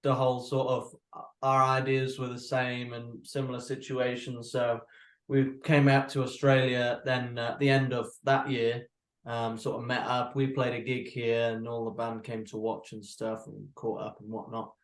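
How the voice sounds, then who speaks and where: A man's voice: medium pitch, little pitch movement, moderate pace, echoey room. A young man from North Wales, a guitarist, with an accent mixing English and Welsh, talking in an easygoing, rambling way in a video call interview. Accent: mixed English and Welsh.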